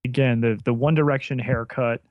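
A man's voice: mid-range voice, steady tone, fairly quick, no room sound, narrow, tinny audio. Dry, sarcastic male co-host. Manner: dry and sarcastic, with frequent "uh" and "you know". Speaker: podcast co-host. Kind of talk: casual chat.

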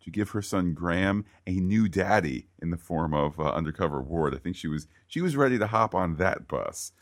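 Deep-voiced enthusiastic man on a podcast. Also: moderate pace, slight background noise. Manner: enthusiastic, rising into excited bursts. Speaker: podcast co-host. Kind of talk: casual TV episode discussion.

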